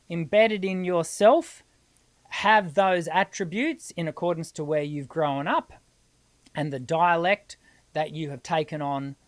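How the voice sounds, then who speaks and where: Australian woman vocal coach running a live Q&A; explanatory and lively, voice sits on the low side. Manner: explanatory, lively, laughs easily. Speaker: singing teacher hosting a live Q&A.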